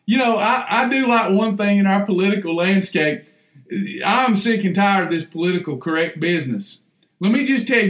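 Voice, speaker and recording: A man's voice: extremely high pitch, echoey room. A man preaching fervently as a podcast host, folksy and emphatic, repeating lines for effect. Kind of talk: fiery preaching on weight loss.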